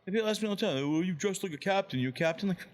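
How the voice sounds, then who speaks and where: Excitable high-voiced man ranting. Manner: fast, excitable, ranting, swears. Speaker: podcast guest, comedian. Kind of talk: casual chat.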